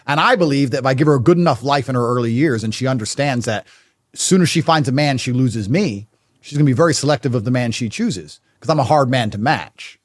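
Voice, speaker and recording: A man's voice: mid-range voice, fast. A man speaking as a guest in a podcast conversation, blunt and emphatic in his statements.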